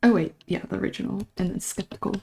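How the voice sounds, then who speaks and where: A woman livestreaming while drawing, with a sore throat, chatting casually, giggling often, greeting and thanking viewers, sometimes dropping into soft whispers. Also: mid-range voice, fast, creaky, slight background noise. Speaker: livestreaming artist. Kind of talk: casual stream chat.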